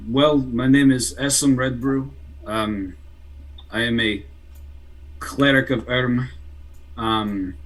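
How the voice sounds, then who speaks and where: A man voicing a polite, slightly halting potion-selling cleric in a put-on Russian accent. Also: mid-range voice, natural voice, poor audio. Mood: inquiring.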